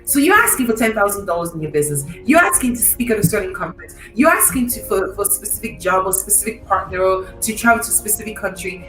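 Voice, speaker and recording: A woman speaking as a podcast guest and mindset coach, telling a story in an animated, emphatic way and repeating her key phrases. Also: medium pitch, quick pace, few pauses. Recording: echoey distant mic with faint music.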